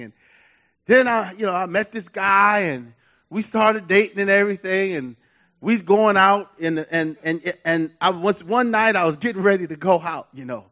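A male pastor preaching a sermon in an animated way, laughing, repeating himself and telling stories. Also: sits high, normal speed, lo-fi sound.

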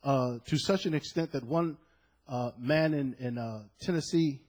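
A man preaching a sermon as pastor, passionate and dramatic, dropping low and then rising to shouts before his congregation. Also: measured pace. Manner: impassioned preaching, swinging from hushed to shouting. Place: church.

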